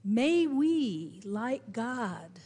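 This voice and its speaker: A woman pastor with a Midwestern American accent, preaching a sermon and telling a personal story with deliberate, emphatic delivery. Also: fairly high pitch, sing-song, mellow, husky. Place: church sanctuary. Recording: long hall reverb in a church.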